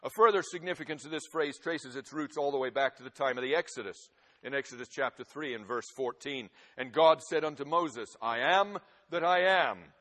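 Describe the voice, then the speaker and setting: A man preaching a sermon, swinging from loud, forceful emphasis to hushed, quiet passages. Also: medium pitch, moderate pace. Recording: long hall reverb.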